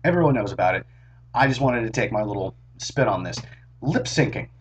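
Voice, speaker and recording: A hoarse young man chatting casually to his camera in a rambling, jokey, self-mocking vlog, recorded on a small camera's built-in mic. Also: lowish voice, lively intonation, fairly quick, highs cut off, slight background noise. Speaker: vlogger.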